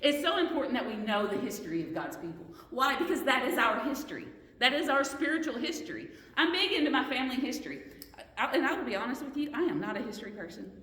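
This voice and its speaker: A woman's voice: sits high, big pitch swings, fast, fairly bright tone. Earnest woman teaching in an echoey hall. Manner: earnest, questioning, restarts mid-sentence. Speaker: Bible teacher. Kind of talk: Bible study lesson. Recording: roomy hall echo, mic at a distance.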